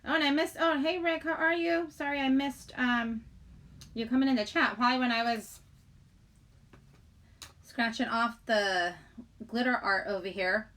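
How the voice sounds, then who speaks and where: A woman's voice: a little high, moderate pace, pauses often, a bit bright. A middle-aged woman hosting a casual livestream, chatty and giggly, rambling as she greets viewers in the chat. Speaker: livestream host.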